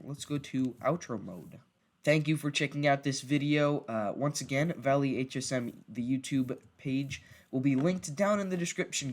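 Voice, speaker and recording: Rambling male gamer narrating a base tour. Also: medium pitch. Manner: rambling, halting, restarts sentences. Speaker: gaming video creator. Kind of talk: casual gameplay narration.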